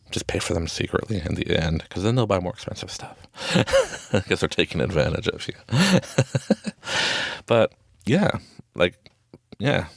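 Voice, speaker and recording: Gravelly low-voiced man rambling in a closet. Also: no echo. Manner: rambling, chatty, laughs often. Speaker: podcast host. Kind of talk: casual motivational monologue. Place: small closet.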